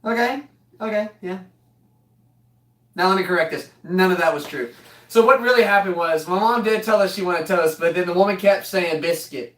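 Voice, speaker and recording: A man's voice: sits high, normal speed, fairly bright tone. A young man rambles through a funny story, joking and laughing as he goes. His voice sits in a roomy space, picked up from a distance rather than close to the mic. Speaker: vlogger telling a story.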